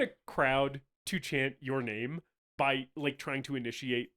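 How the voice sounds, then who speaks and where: A man's voice: mid-range voice, fairly even intonation, a little slow, fairly bright tone. A man co-hosting a casual movie-review podcast, talking animatedly, laughing often and swearing freely. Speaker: podcast co-host.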